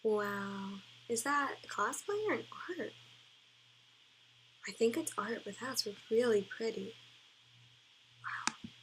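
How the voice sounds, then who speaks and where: A young woman chats casually in a vlog, giggling as she rambles through her old posts. Her voice sits a little high, and she fills her sentences with "like". A faint hiss runs under the recording. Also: slow pace, long pauses, a bit bright, low-quality recording. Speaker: cosplay vlogger.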